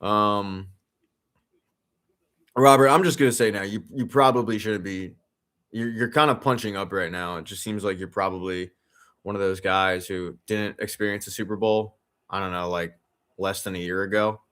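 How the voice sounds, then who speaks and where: A man's voice: fairly low pitch, steady tone, normal speed, fairly bright tone. A young man hosting a live football watch-along, ranting in a profane, sarcastic way and answering chat comments.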